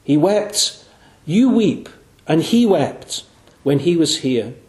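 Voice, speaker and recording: A man with a fairly high voice preaches an evangelistic sermon in a church. He is earnest and lets his voice sink low and slow on the phrases he wants to land. The room around him rings with echo. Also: sing-song, dark tone. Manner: earnest, slows and drops low on key phrases. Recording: echoey room.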